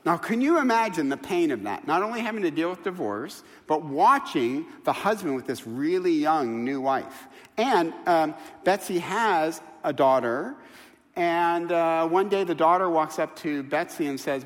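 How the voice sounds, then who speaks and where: A man preaching a sermon as pastor, telling stories with lively, acted-out quotes. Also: a little high, a little slow. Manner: animated storytelling, quoting people in voices. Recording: long hall reverb.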